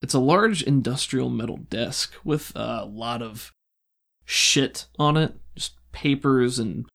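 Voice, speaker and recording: A man working as game master, narrating a tabletop role-playing game in a relaxed, descriptive way with frequent fillers. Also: medium pitch, takes it slowly, gravelly.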